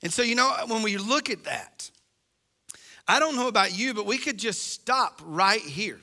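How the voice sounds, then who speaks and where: Bright high-voiced male preacher. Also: lively intonation, moderate pace. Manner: impassioned, acts out quoted voices. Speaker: pastor. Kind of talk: sermon.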